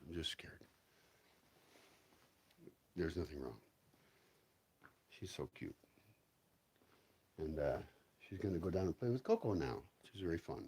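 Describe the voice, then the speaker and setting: Husky-voiced man rambling in a vlog. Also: low voice, very animated, unhurried, long pauses, darkish tone. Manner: rambling, profane, talks to himself and his dogs. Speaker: vlogger.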